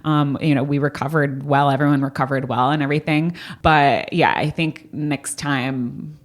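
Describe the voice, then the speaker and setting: A young woman, a guest on a podcast, telling a personal story in casual chat, animated, laughing often and acting out quotes. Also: low-pitched, normal speed.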